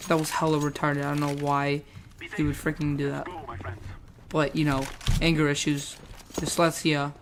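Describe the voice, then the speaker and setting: A woman's voice: low voice, flat delivery, moderate pace, pauses often, background noise. A woman casually telling a rambling story while playing a game, swearing, laughing and acting out the people in it. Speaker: gamer telling a school story.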